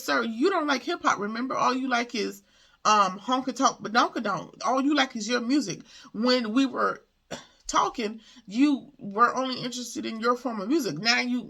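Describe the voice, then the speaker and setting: A woman's voice: a little high, sharp tone. Sassy woman recapping a show. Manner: sassy, talks back to the characters. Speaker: TV show reviewer. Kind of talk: casual recap commentary.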